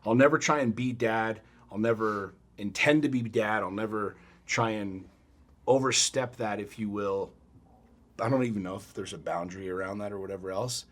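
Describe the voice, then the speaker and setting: A middle-aged man co-hosting a podcast, telling a story in a blunt, profane, animated way. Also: fairly low pitch, normal speed. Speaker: podcast co-host. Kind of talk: casual chat.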